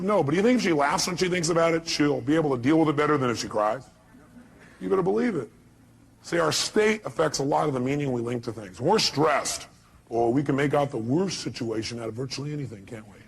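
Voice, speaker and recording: A man's voice: fairly high pitch, gravelly, breathy edge. A man giving a motivational seminar speech, emphatic and blunt, throwing rhetorical questions at his audience. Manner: blunt, slangy. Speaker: motivational speaker.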